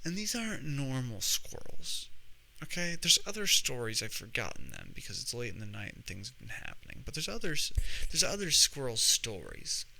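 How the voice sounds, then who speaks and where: A man's voice: medium pitch, huge pitch swings, moderate pace, creaky, bright, forceful tone, low-quality recording. A young adult man hosting a podcast, telling a comedic story in a profane, rambling way full of restarts. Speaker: podcast host.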